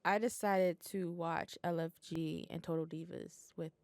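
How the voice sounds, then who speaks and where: A woman co-hosting a podcast in blunt, animated casual chat, swearing freely. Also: lowish voice, a little slow, no echo, studio quality. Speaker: podcast co-host.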